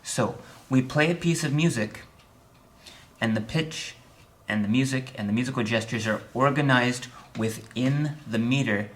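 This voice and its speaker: Seated at a piano, a man gives an online music theory lesson, walking through each step with dry humor and often asking "okay?" His voice is mid-range with a fairly bright tone.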